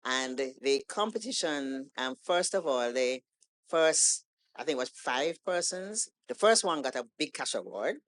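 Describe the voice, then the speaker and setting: A woman guest on a podcast, telling a story in a casual, animated way and acting out the lines of the people in it. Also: very deep voice, measured pace. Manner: animated storytelling, acts out quoted dialogue. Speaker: guest poet.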